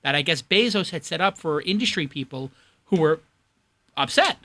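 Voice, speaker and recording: A man with a Brooklyn accent hosting a studio panel, opinionated and animated. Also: on the high side, normal speed. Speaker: host. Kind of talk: panel discussion.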